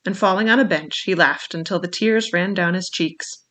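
A man narrating a classic adventure novel in a measured storytelling manner. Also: high-pitched, sharp tone. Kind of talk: audiobook reading of a classic novel.

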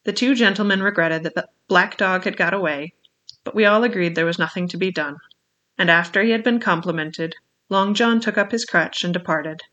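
A man narrating a classic adventure novel in a measured storytelling manner. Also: high-pitched, pushed and bright, lo-fi sound. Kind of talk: audiobook reading of a classic novel.

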